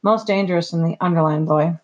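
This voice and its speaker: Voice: mid-range voice, fairly quick, highs cut off, close to an everyday voice. A reader voicing Ripred, a sardonic giant rat. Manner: dry, formal, mocking. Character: cunning scarred male giant rat, sardonic.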